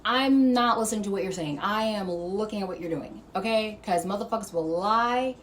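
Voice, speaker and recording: Animated, profane woman telling a story. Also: medium pitch, moderate pace, a little hiss or hum. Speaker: vlogger. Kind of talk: casual storytime monologue.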